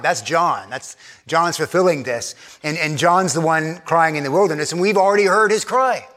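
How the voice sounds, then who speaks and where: A man preaching an earnest sermon as pastor, often repeating words as he restarts phrases, and dropping to a soft, hushed voice when he prays. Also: fairly high pitch, in a large hall. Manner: drops to a soft, hushed voice for prayer.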